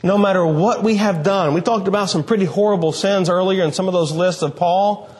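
Brief: male preacher, higher-pitched voice, earnest and emphatic, reads scripture then preaches. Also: a little mellow. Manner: earnest, emphatic preaching with slow dramatic pauses. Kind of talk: sermon with scripture reading.

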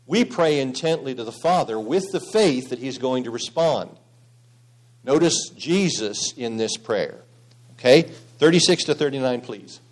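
A man leading a Bible study class, teaching earnestly with frequent restarts and asides to the group. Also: medium pitch.

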